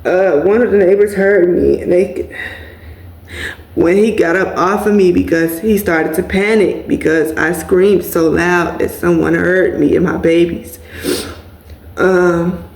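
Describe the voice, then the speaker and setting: A woman vlogger talks to her audience in a casual, direct way, calling them "y'all" as she tells an emotional personal story. Her voice has a gravelly, creaky edge. The sound echoes off the room around her. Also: on the low side, fairly even intonation, takes it slowly, a little mellow. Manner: casual, addresses viewers as y'all.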